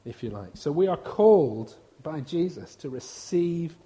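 A man's voice: a little high, very animated, a little slow, mellow. A man, a visiting preacher giving an informal, humorous sermon and acting out quotes. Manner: chatty, humorous, acts out quotes.

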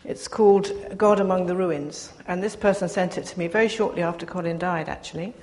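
An older woman giving a personal testimony to a gathering, speaking earnestly with pauses and restarts. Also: lowish voice, steady tone, a little mellow. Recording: reverberant hall, faint background noise.

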